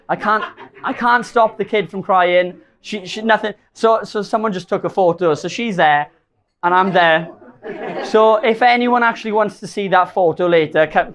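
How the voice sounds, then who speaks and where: A man's voice: sits high, fairly bright tone. A young man giving a best man speech at a wedding reception, rambling, emotional and laughing at himself.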